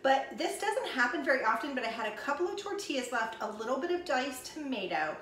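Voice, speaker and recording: A chatty woman talks viewers through a home cooking vlog, pitched a little high. Her voice is picked up from a distance, and her kitchen sounds echoey around her. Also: big pitch swings, brisk, fairly bright tone. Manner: chatty, folksy, addresses viewers as y'all. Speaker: cooking vlogger.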